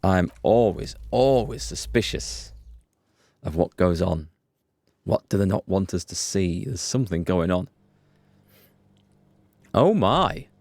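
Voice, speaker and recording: A man's voice: deep voice, animated, creaky, darkish tone, dry recording, clean studio sound. A man hosting a let's play, chatting and musing aloud as he plays. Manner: chatty, musing, quick to exclaim. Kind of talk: gameplay commentary and reading.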